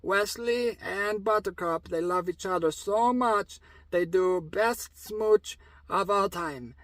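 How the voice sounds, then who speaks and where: A doting old grandpa, playful and fond, as a man puts him on, speaking broken English in a high-set voice. It is a comic storybook retelling, and the sound is dry. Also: slow pace, a bit bright, dry recording.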